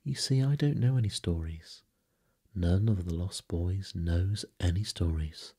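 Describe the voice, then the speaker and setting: A man voicing a boastful, mischievous young boy in a hushed, breathy bedtime story reading. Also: sits low, unhurried, heavily acted. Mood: earnest.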